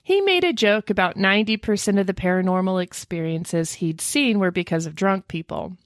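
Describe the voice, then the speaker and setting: A woman's voice: medium pitch, normal speed, no room sound, clean studio sound. A woman co-hosting a podcast, reading a listener's email aloud in casual chat and gasping and laughing as she tells it. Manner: animated storyteller, gasps and laughs often. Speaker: podcast co-host.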